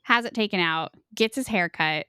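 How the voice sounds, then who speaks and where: Young woman rambling thru a plot recap on a podcast, mid pitch, dry close sound. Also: moderate pace, pushed and bright, clear, resonant tone, no room sound. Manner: chatty retelling with lots of "like" and quoted asides. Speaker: podcast co-host. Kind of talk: casual book discussion.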